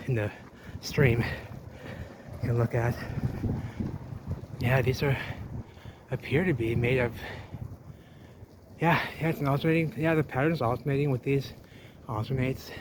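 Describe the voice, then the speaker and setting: Male explorer vlogger, mid-pitched, exclamatory walk-and-talk in an outdoor canal, with noisy ambience. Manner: excitable, exclamatory, talks to the camera as he walks. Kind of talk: handheld walking commentary. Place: outdoors in an old drained canal.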